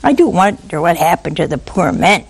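A woman preaching a sermon, animated and full of rhetorical questions to her listeners. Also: fairly low pitch, moderate pace, gravelly, breathy edge.

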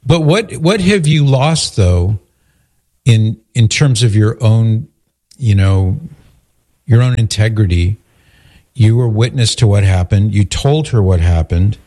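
A man hosting a call-in radio show, calmly steering and summing up a caller's story. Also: on the low side, takes it slowly. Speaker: radio talk show host.

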